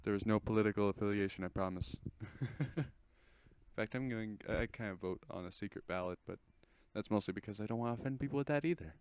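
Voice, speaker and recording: A teenage man hosts a laid-back commentary over a screen recording, rambling and fixing his own words as he discusses an install. He talks fast, and his low-ish voice is a little mellow with a clean tone.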